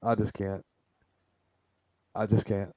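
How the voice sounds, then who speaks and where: A man's voice: fairly low pitch, level tone, slow pace, mellow, no echo. Rambling Southern American man. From Southern United States. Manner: rambling, chatty, many restarts. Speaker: host. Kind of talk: casual live-stream chat.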